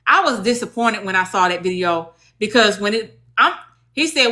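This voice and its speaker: A woman's voice: mid-range voice, lively intonation, normal speed, bright, forceful tone. A woman with a Southern US accent hosting a casual livestream about legal advocacy, chatty and folksy, talking straight to her viewers.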